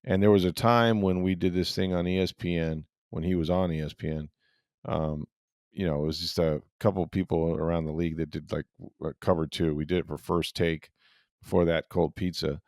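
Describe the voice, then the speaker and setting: A man's voice: low voice, steady tone, fairly quick, a little mellow, dry recording, studio quality. A middle-aged man hosting a sports podcast, telling a rambling story in casual chat with lots of fillers.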